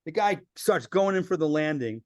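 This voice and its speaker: A man telling lively travel stories as a podcast guest, acting out the people he quotes. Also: on the high side, normal speed, no room sound, studio quality. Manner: animated storyteller acting out quoted voices. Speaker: filmmaker guest. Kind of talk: storytelling in a podcast interview.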